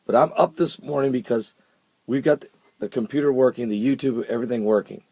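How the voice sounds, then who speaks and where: A man's voice: medium pitch, a little fast, darkish tone, no room sound. A man talking casually in a video blog, a little tired, chatty and given to repeating himself in disbelief. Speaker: vlogger.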